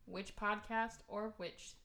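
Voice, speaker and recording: A woman's voice: medium pitch, steady tone, slow pace, bright, forceful tone. A woman co-hosting a movie podcast in casual chat, sarcastic and profane. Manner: profane, sarcastic, acts out characters. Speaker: podcast co-host.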